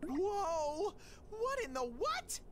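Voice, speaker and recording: A woman voicing an excitable young girl companion in a video game, exclaiming in surprise. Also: extremely high pitch, extremely slow, background noise, full character voice. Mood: alarmed. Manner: startled, exclamatory.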